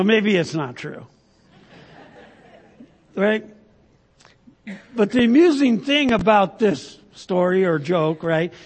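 A man preaching a sermon to his church, speaking haltingly with many fillers and frequent "right?" asides. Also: high voice, long reverb tail. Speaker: pastor. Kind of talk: sermon with a told joke.

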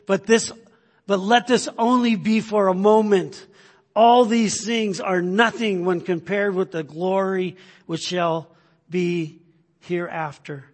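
A man with a high, husky voice delivers a sermon. He presses his points with rhetorical questions and moves between loud urging and hushed near-whispers. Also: fairly even intonation, takes it slowly. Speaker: pastor.

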